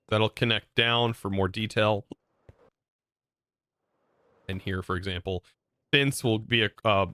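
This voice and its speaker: A man's voice: on the low side, a bit bright, no room sound. A man streaming a game, chatting casually in a rambling way with restarts. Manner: rambling, with frequent restarts and laughs. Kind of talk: casual gameplay livestream chat.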